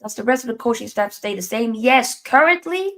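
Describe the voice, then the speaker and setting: A woman hosting a live football chat stream, reading viewer comments and reacting in a chatty, animated way. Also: on the high side, brisk. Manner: animated, chatty, with playful put-on voices.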